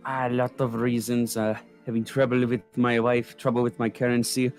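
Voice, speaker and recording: A man's voice: medium pitch, flat delivery, normal speed, darkish tone, natural voice. A man playing a pompous noble lord who scolds his hired guide in a haughty manner, with faint music behind.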